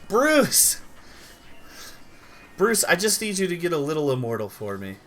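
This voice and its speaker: A sleepy young man from Idaho chatting casually on a live stream while gaming, rambling with quick outbursts. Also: fairly high pitch, big pitch swings, bright, forceful tone, slight background noise. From Idaho, USA.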